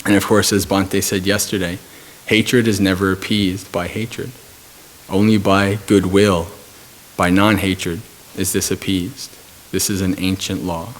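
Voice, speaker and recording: A man with a fairly low voice, speaking as a Buddhist monk at a retreat. He gives his dharma talk calmly and at a measured pace. He often pauses and fills the gaps with soft hesitations while he tells a story. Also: a little hiss or hum. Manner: calm, measured storytelling with frequent pauses and fillers.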